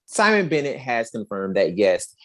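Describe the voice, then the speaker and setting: A woman's voice: a bass voice, sing-song, moderate pace. A woman co-hosting a podcast review in casual chat, retelling scenes animatedly and acting out lines in exaggerated voices. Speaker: podcast co-host reviewing a show.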